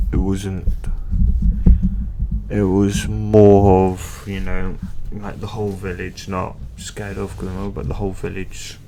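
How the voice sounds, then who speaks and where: A man's voice: low-pitched, gravelly, dark tone, a little hiss or hum. A man rambling casually about a fan theory, hesitant and full of restarts. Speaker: fan video creator.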